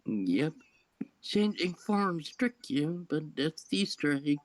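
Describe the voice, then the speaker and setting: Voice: mid-range voice, sing-song, slow pace. A co-host in a casual gaming chat, easygoing and agreeable, adding bits of trivia. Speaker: podcast co-host.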